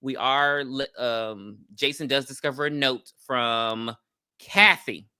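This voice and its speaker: A woman co-hosting a podcast, recapping a horror movie in casual chat, animated and blunt with frequent ums. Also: extremely low pitch, slow pace, clear, resonant tone, no echo, studio quality. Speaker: podcast co-host.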